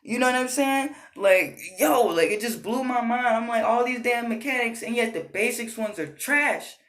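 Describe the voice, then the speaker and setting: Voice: medium pitch, normal speed, a bit bright. A gaming vlogger ranting casually, exasperated and profane, rambling with frequent fillers. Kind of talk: casual rant. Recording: roomy echo.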